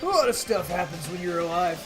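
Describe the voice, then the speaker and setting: A man voicing a boastful, hearty robot who used to be a team manager, loud and laughing. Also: sits high, sing-song, a little fast, music in the background. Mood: jovial.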